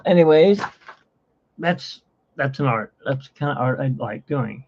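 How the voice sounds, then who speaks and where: A man's voice: mid-range voice, animated, a little slow, a little mellow. A man hosting a casual livestream from his phone, rambling and chatty with frequent laughs, in dull lo-fi phone audio. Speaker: livestream host.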